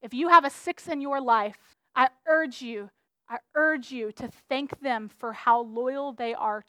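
A woman pastor giving a sermon, playful and self-mocking in her stories, then hushed and earnest as she prays. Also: high voice, a little slow, no room sound.

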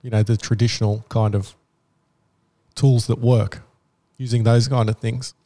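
A man chatting easily about software, agreeable, with casual nonstandard grammar. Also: medium pitch, little pitch movement, a little slow. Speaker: software developer. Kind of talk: casual chat.

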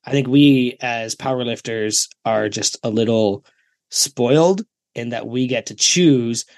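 A man co-hosting a casual podcast, jokey and quick to laugh while telling stories and arguing a point. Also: medium pitch, no echo. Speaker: podcast co-host. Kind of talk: casual chat.

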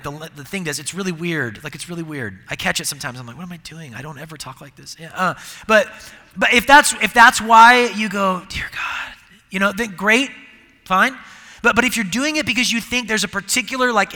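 A middle-aged man preaching a sermon, with a conversational, animated manner and many restarts. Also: high voice. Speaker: pastor. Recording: long hall reverb.

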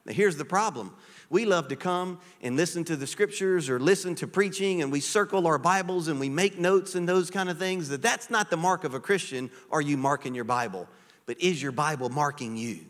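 Animated preacher in a reverberant church. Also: male voice, on the high side, a little fast. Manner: animated, conversational preaching with rhetorical questions. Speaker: pastor. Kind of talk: sermon. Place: church sanctuary. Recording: church hall with long reverb.

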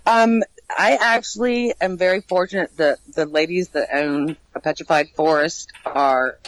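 A chatty woman talks in an easygoing, animated way, often breaking into laughter. She trails off and restarts her thoughts as she goes, speaking like an actor trainer telling stories from work. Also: sits low, normal speed, no room sound, rough recording. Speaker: haunted attraction actor trainer. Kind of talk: casual interview chat.

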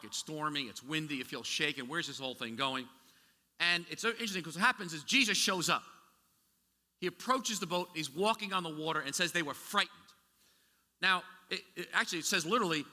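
A pastor delivers a sermon in a strikingly bright, fairly high voice, talking to his congregation in a loose, conversational way. He asks rhetorical questions and often restarts his sentences, and his words ring out with the long reverb of a large hall.

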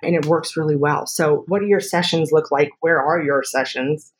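A woman speech therapist talking through her methods in a podcast interview, chatty and full of quick examples. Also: deep voice, fairly even intonation, slightly rough.

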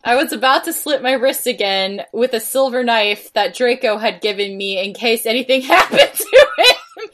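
A woman's voice: fairly high pitch, big pitch swings, normal speed, a bit bright. A woman co-hosting a podcast, reading a text aloud for comedy with wry asides. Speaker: podcast co-host.

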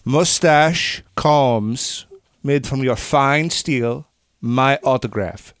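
A man putting on a hammy voice for a dictator pitching a sales idea to a friend, in a podcast bit. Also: drawn-out words, fairly bright tone, clear, resonant tone. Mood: scheming. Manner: hammy, self-mocking put-on voice.

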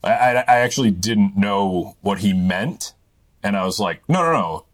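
A man hosting an interview, relaxed and conversational, asking questions with loose phrasing. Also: lowish voice, measured pace. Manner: relaxed, conversational, uses "like" often. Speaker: podcast host. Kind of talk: casual interview talk.

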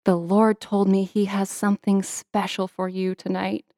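A woman's voice: medium pitch, completely flat delivery, normal speed, darkish tone, dry recording, clean studio sound, natural voice. A woman voicing a fervent middle-aged prayer woman during a reading. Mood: coaxing. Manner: coaxing, then exultant.

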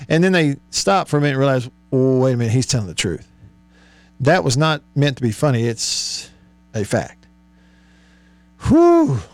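A man's voice: medium pitch, no echo. A man hosting a sports call-in show, reading listener texts aloud and musing over them in a chatty way, with many fillers. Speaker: sports radio host.

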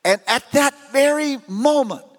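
A man preaching with a high voice and a lot of emphasis, rising to shouts as he tells the story. The sound rings out with the long reverb of a large hall. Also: a little slow. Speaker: pastor. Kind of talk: sermon.

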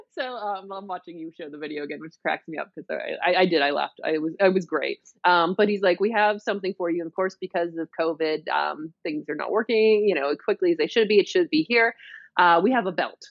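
Woman co-host, low voice, giggly rambling storytelling, dull dry lo-fi mic. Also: expressive, moderate pace, no echo. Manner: laughs often, rambling storytelling. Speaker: podcast co-host. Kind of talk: casual chat.

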